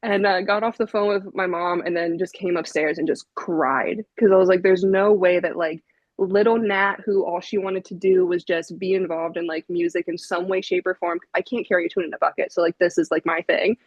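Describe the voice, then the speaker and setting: Animated young woman telling a story. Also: on the low side, a little fast, no room sound, muffled recording. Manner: animated, laughing, frequent "like" fillers. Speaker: podcast guest, vinyl collector. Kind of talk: casual podcast storytelling.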